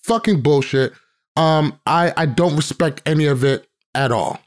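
A man's voice: on the high side, unhurried. A man hosting a podcast, ranting emphatically and swearing freely in casual chat. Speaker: podcast host.

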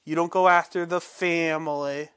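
A man's voice: a little high, fairly even intonation, normal speed, fairly bright tone, smooth. A man hosting a casual commentary show, sharing strong opinions in a rambling way with frequent restarts. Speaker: host.

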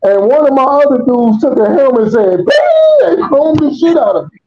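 A man with a high voice tells a long story on a casual podcast. He is profane and animated and acts out every quote. The recording sounds dull and lo-fi. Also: a little fast. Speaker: podcast co-host. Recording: dull lo-fi audio.

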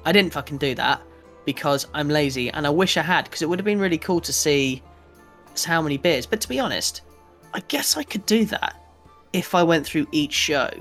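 Chatty British man, slightly high voice. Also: lively intonation, a little fast, fairly bright tone, faint music behind. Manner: rambling, chatty, swears casually, laughs often. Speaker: podcast co-host. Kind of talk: casual chat.

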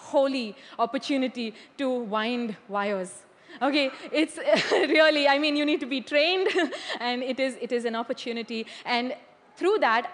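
A woman preaching a sermon in a church hall. She is animated, laughs often and keeps checking in with "okay?". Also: high voice. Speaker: church leader. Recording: long hall reverb.

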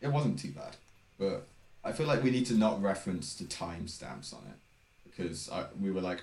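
Brief: low-pitched young guy, dry self-mocking podcast host, roomy echo. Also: animated, fairly quick, vocal fry, darkish tone. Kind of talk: casual chat.

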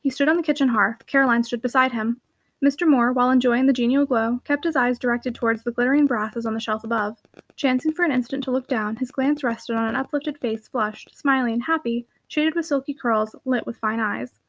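A woman reading a classic novel aloud as an audiobook narrator, with steady, expressive storytelling. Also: on the high side, a little fast, dry recording, low-quality recording.

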